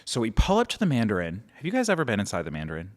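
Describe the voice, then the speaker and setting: A man's voice: fairly low pitch, rapid-fire. A man, a podcast guest telling a story casually and animatedly, acting out quotes. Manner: animated, acts out quotes, many "like" fillers.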